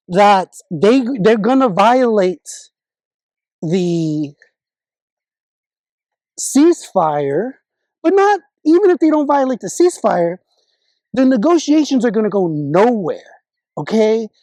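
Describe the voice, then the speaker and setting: A man's voice: sits high, very animated, slow pace, long pauses, mellow, no room sound. A man vlogging his political opinions in a casual monologue, confident but often restarting and correcting himself mid-sentence.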